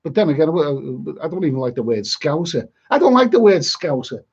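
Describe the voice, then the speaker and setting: On a dull, lo-fi live stream, a travel vlogger from Liverpool, England, chats casually in his local accent, blunt and rambling with plenty of grumbles. He speaks briskly in a fairly high, slightly husky, sing-song voice with a darkish tone.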